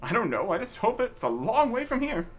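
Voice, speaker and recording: A man voicing rough, injured pirate sailors in a game, using a gruff pirate dialect. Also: very high-pitched, very animated, brisk, a bit bright, faint music behind, voice pushed up, full character voice. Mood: shaken.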